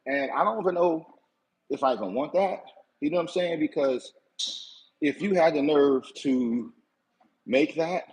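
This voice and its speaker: A man with a fairly high, darkish voice tells an aggrieved story on his own channel, unhurried and pausing at length. He's slangy and repetitive and keeps saying "you know what I'm saying." There's slight background noise, and the recording is rough.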